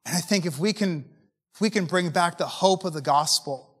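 Man, pastor, impassioned preaching, rhetorical questions, bright tense voice, long hall reverb. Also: high-pitched, moderate pace, breathy edge. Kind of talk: preaching to church leaders.

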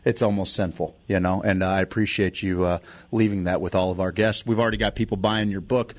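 A man's voice: low voice, steady tone. A man hosting a talk radio show, joking around while wrapping up an interview and heading to break. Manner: fast, jokey, thanking and wrapping up.

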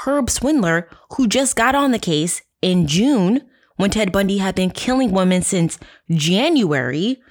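A woman hosting a casual true crime podcast, telling the story with sarcastic, profane asides. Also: mid-range voice. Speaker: podcast host.

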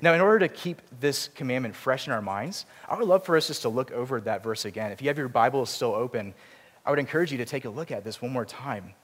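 A man preaching in a church, his voice trailing off into a long hall reverb. He explains things earnestly and slips in self-deprecating asides. His pitch sits in an ordinary middle range. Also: lively intonation, quick pace, fairly bright tone. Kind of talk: sermon. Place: church sanctuary.

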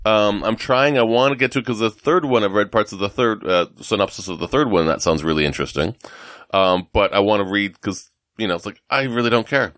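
A man's voice: lowish voice, a little fast, few pauses, a bit bright, dry recording, clean studio sound. A man from the United States co-hosting a casual chat, rambling and self-deprecating with many fillers and restarts. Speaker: podcast co-host.

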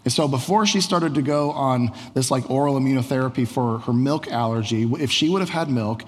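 A man preaching a sermon as a pastor, in a relaxed, conversational storytelling way full of casual fillers. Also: medium pitch, a little fast. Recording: long hall reverb.

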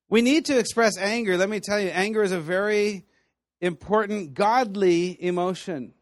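A man preaching a sermon in a conversational, animated storytelling way, laughing now and then. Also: high voice, dry recording, clean studio sound. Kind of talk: sermon teaching.

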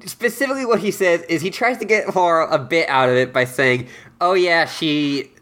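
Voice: medium pitch, sing-song, a little fast, fairly bright tone. A podcast co-host in casual chat, chiming in with corrections and details. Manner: chatty, adds corrections and details.

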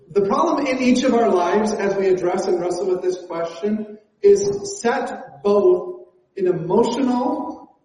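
A man's voice: sits high, a little mellow. A man preaching a conversational sermon as pastor, with frequent fillers and restarts. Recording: echoey church hall.

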